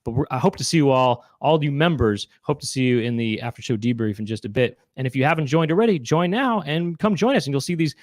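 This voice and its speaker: A man hosting a live online chat show at a middle pitch, rambling through announcements and correcting himself as he goes. The sound is dry and close. He talks casually. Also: lively intonation, quick pace, hardly any pauses, no room sound. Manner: rambling, self-correcting, breaks into silly impressions. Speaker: show host.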